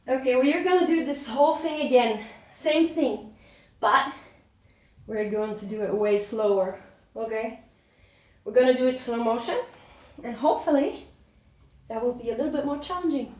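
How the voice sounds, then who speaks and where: A woman's voice: a little high, moderate pace, a little mellow. Breathless woman cueing yoga, echoey room. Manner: encouraging, breathy cues with light laughter. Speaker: yoga instructor. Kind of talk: cueing a yoga workout while doing it.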